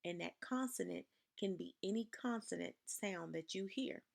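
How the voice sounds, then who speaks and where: A woman teaching a spelling lesson to children, explaining slowly and carefully and sounding words out for her class to repeat. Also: medium pitch, vocal fry, a little mellow. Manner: slow, careful, over-enunciated dictation.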